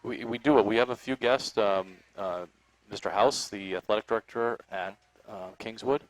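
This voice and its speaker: A man's voice: lowish voice, moderate pace, no echo, poor audio. A man co-hosting a live broadcast outdoors at a parade, jumping in eagerly and wrapping up the show. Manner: jumps in eagerly, wraps up the show. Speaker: co-host. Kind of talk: casual live broadcast chat.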